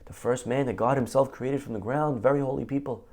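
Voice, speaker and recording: Man doing a calm, soft-spoken mother. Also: mid-range voice, fairly quick, close to an everyday voice. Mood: matter-of-fact. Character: mother answering her son.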